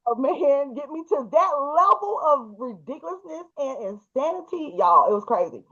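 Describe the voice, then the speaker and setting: A woman hosting a podcast, telling a personal story in a lively way, laughing often and acting out the people in it. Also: high voice, moderate pace. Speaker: podcast host. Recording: muffled, dull audio.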